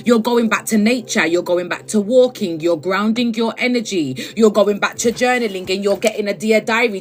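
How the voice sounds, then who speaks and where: A woman's voice: medium pitch, a bit bright. A woman giving spiritual advice on a live stream, chatty and affectionate, checking in with "okay?" again and again. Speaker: spiritual reader.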